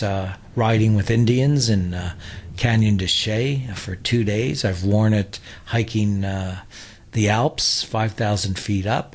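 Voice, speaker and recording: A man in his sixties from New York, a guest telling rambling anecdotes in a loose, chatty way full of "uh" and restarts. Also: lowish voice. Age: 60s. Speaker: interview guest.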